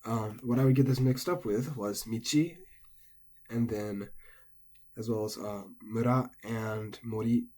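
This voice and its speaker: A man casually and methodically explaining Japanese pitch accent word by word as a language teacher. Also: steady tone, unhurried, warm tone.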